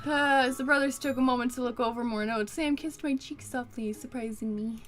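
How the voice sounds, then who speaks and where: A woman's voice: on the high side, steady tone, fairly quick, fairly bright tone, faint music behind. A woman casually playing and reading a romance visual novel aloud, joking and swearing along the way. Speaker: game player and reader.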